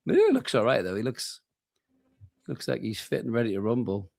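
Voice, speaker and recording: A man's voice: medium pitch, huge pitch swings, brisk, gravelly, a little mellow, no echo. A tired man co-hosting a late-night football watchalong, joking and swearing casually. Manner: laid-back, swearing, joking banter. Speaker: co-host of a football watchalong stream. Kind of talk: casual live match chat.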